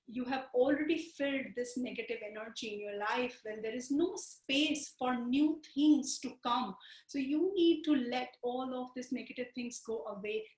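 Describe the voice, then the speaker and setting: A woman teaching a self-help exercise, repeating phrases slowly to guide the listener. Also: fairly high pitch, reverberant, low-quality recording. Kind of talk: instructional self-help talk.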